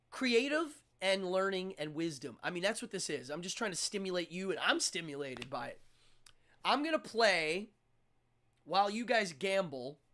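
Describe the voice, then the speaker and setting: A man's voice: high-pitched, fairly bright tone. A man hosting a live show, chatting casually in an upbeat, rambling way and laughing easily. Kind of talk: casual live-stream chat.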